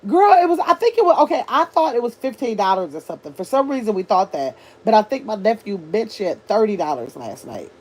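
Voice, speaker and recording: An older woman hosting a casual livestream, chatting with her viewers and reading their comments aloud as she thinks out loud. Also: mid-range voice, brisk, hardly any pauses. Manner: chatty, animated, thinks out loud, addresses chat as y'all. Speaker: livestream host reading chat.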